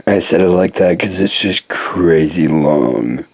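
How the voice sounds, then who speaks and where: Man, very deep put-on old-man voice, slow, husky, dry sound, joking made-up story. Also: expressive, darkish tone, dry recording. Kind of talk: improvised comic storytelling.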